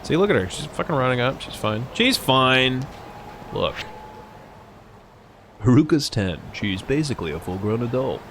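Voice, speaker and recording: Animated, profane male game streamer. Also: medium pitch, normal speed, long pauses, slight background noise. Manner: profane, rambling, jokey. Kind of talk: live gameplay commentary.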